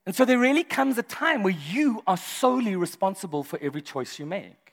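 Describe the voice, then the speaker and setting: Brief: male pastor, animated and funny, high and sing-song, long hall reverb. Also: fairly quick, vocal fry. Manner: animated, humorous, laughs often. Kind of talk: sermon.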